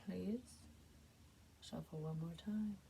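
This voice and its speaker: A woman's voice: lowish voice, steady tone, slow pace, creaky, warm tone, slight background noise. A woman giving a casual tarot reading, chatty and emotional, swearing now and then. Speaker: psychic tarot reader.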